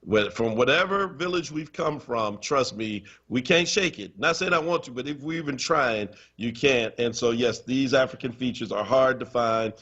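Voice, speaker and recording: A man's voice: mid-range voice, normal speed, hardly any pauses. A man co-hosting a talk radio show, telling stories and teasing his co-host playfully. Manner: animated storyteller, playful teasing. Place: radio studio. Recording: dull lo-fi stream audio.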